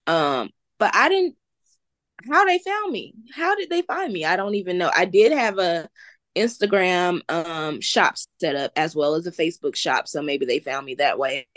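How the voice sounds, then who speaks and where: Woman, low voice, earnest, encouraging, dry close recording. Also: lively intonation, moderate pace, a bit bright, no room sound. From American South. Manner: earnest, faith-filled, encouraging. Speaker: entrepreneur guest. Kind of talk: casual interview chat.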